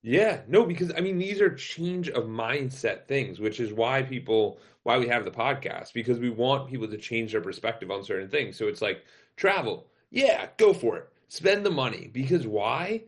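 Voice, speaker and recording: A man's voice: mid-range voice, lively intonation, moderate pace. A man hosts a podcast with an ordinary mid-range voice. He talks casually and asks long, rambling questions. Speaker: podcast host. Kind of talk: casual interview chat. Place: remote call.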